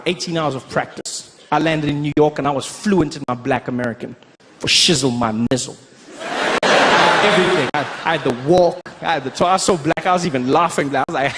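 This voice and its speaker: South African comic, animated storyteller, noisy recording. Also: male voice, on the high side, brisk. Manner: animated, slips into put-on voices. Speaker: stand-up comedian. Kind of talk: stand-up storytelling. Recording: clip with loud background noise.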